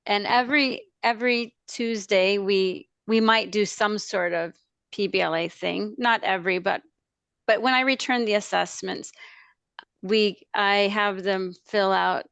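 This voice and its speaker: Teacher lady on a video call, hesitant, lots of ums, smooth but gravelly, dry sound. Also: medium pitch, steady tone, unhurried, a bit bright, no echo. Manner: hesitant, lots of fillers and restarts. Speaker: language instructor. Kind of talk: webinar discussion.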